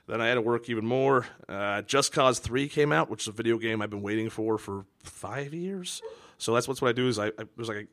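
A man's voice: mid-range voice, fairly bright tone. A man hosting a podcast, ranting in a rambling, exasperated way with lots of restarts. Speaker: podcast host. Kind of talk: casual monologue.

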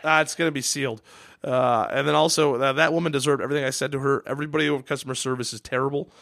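A man's voice: medium pitch, steady tone, creaky, a bit bright, no room sound, studio quality. A man co-hosting a podcast in casual banter, ranting and swearing freely. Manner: fast, profane, ranting. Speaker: podcast co-host.

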